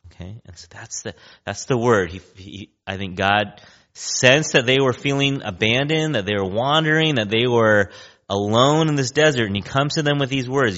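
A male pastor delivers a chatty sermon, his voice bright and swinging widely in pitch. He often pauses to ask "right?" The recording sounds a bit dull and lo-fi. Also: expressive. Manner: conversational, keeps asking "right?".

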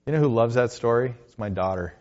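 A male pastor delivering a sermon, moving between loud declarations and quiet, hushed asides. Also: mid-range voice, fast, muffled recording.

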